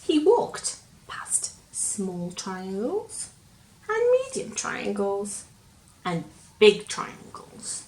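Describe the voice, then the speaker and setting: Slow, lively woman reading aloud. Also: mid-range voice. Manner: slow, gentle, questioning the child. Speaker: storyteller reading to a child. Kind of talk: picture-book read-aloud. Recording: roomy echo, faint hum.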